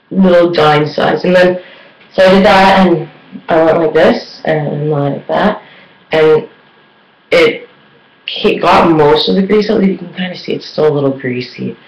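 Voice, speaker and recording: Chatty woman vlogger, echoey room. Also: deep voice. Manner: chatty and rambling, many fillers. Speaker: beauty vlogger. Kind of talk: casual vlog chat.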